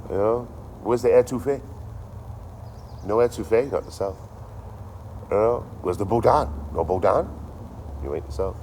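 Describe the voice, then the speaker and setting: A man's voice: fairly low pitch, a little mellow, slight background noise. A man streaming to a live chat, ranting casually and profanely, repeating his lines as he goes.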